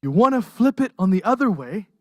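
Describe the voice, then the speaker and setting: A pastor delivering a livestreamed sermon, impassioned and emotional, rising to near-shouts and dropping to hushed softness. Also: medium pitch, sing-song, brisk, no room sound, studio quality. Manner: impassioned, swings from raised intensity to hushed softness. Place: church.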